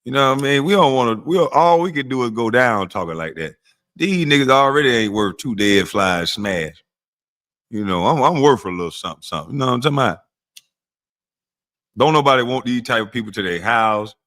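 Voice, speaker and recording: Loud trash-talking livestream host man. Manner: trash-talking, loud and mocking, pitch jumping up when heckling; slow and low when calming down. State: smoking while talking. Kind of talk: casual livestream roasting of chat.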